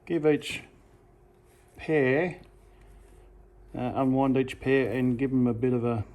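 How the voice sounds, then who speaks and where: Easygoing Australian man, slow how-to talker, mid pitch, corrects himself as he goes. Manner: relaxed, unhurried, self-correcting with "uh" and "sorry, correction". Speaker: amateur radio hobbyist. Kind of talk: casual how-to demonstration.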